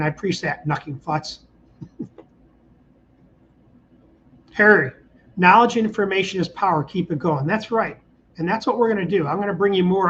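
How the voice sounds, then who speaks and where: A man's voice: sits high, fairly bright tone, muffled recording, slight background noise. A middle-aged man hosting a casual live stream, rambling in an upbeat way and reading out viewer comments. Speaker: channel host. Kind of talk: casual livestream chat.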